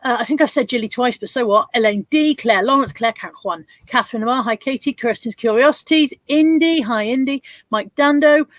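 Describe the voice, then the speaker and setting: A woman hosting a casual livestream from her home desk, chatting and reading out viewer names in quick lists. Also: fairly high pitch, dry recording. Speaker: livestream host.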